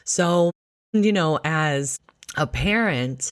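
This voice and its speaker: Animated storytelling woman, dry sound. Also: sits low, drawn-out words, no room sound. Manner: animated, acts out voices in quotes. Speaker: ER nurse and podcast host. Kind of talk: casual storytelling.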